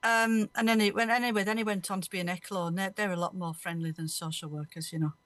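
A woman's voice: mid-range voice, steady tone, quick pace, a bit bright, dry recording. A woman hosting a radio show, chatting casually and telling rambling anecdotes, often laughing mid-story. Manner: rambling, anecdotal, laughs through her stories. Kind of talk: casual chat.

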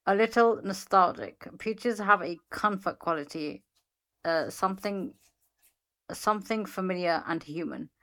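A woman's voice: medium pitch, measured pace, a bit bright. A woman co-hosting a casual podcast, laughing often as she reads chatbot answers aloud. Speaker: podcast co-host. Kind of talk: casual chat, reading aloud.

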